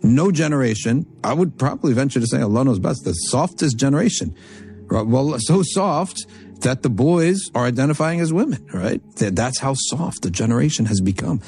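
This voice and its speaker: A man teaches a religious lesson in a mid-range voice, reading Arabic passages and then unpacking them in English. He tells the story with animated emphasis, repeating key phrases to drive them home, over faint background music. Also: mid-range voice, moderate pace. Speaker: Islamic teacher.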